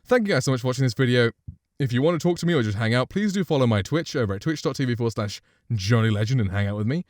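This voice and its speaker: A man's voice: medium pitch, lively intonation, very fast, darkish tone, no echo. A man streamer giving a casual review and demo of a microphone, chatty and rambling, often correcting himself, speaking into a studio condenser mic up close at his home streaming setup.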